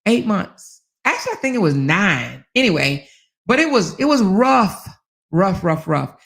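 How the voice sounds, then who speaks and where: A woman's voice: medium pitch, measured pace, vocal fry. A woman in her forties, hosting and telling a personal story in casual chat, acting out dialogue with colorful swearing. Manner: animated, acts out dialogue, swears. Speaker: host.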